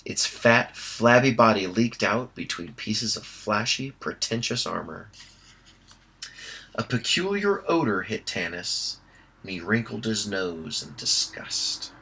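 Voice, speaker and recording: Bright, husky-voiced male reader. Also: lowish voice, animated, slow pace, poor audio. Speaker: audiobook reader. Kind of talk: amateur audiobook narration.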